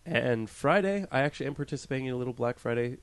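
A man's voice: mid-range voice, animated, very fast. A young man co-hosting a podcast, chatting casually in a rambling, self-deprecating way with the odd swear. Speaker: podcast co-host. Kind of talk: casual chat.

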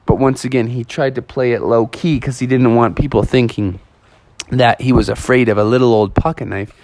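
A man telling a playful children's story with animated, lively narration. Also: medium pitch, normal speed, dry recording.

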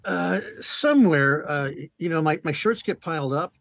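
A man's voice: on the high side, expressive, normal speed, gravelly, fairly bright tone, no echo. A man who serves as the show's correspondent, joking wryly in casual banter over a video call. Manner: wry, joking. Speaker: show correspondent.

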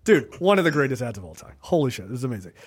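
Rapid-fire and slightly rough, this mid-range male voice belongs to a podcast co-host. He talks politics casually, cursing and animated, rambling with plenty of "right?".

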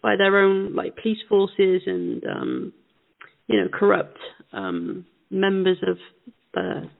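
A woman co-hosting a casual call-in talk show, chatting in a relaxed, agreeable way. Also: medium pitch, takes it slowly, gravelly. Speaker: co-host. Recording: phone line.

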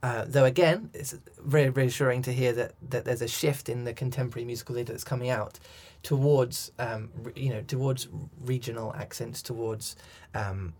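A man's voice: mid-range voice, steady tone, moderate pace, hardly any pauses, darkish tone. A man, a coach, answering interview questions thoughtfully with frequent restarts and ums. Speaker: accent coach.

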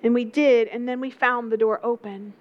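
A woman's voice: on the high side, fairly even intonation, normal speed, dull audio. Woman preaching a storytelling sermon. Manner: storytelling, emphatic repetition.

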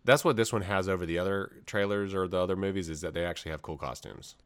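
A man's voice: low voice, quick pace, a bit bright, smooth. A man co-hosting a podcast in easygoing casual chat, often chiming in to agree. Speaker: podcast co-host.

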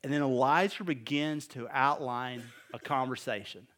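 A man's voice: mid-range voice, normal speed, fairly bright tone. A man preaching a sermon to a congregation, reading scripture and adding casual joking asides before building to emphatic appeals. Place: room with a live congregation.

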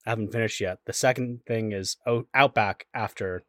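Dry-humored guy fact-checking, flat dead room sound. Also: on the low side, moderate pace, no echo. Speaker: podcast co-host. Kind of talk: casual chat.

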